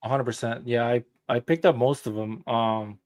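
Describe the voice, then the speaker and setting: A man guesting on a casual chat, talking about toys in a laid-back, enthusiastic way and thinking out loud. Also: mid-range voice, steady tone, normal speed, no echo.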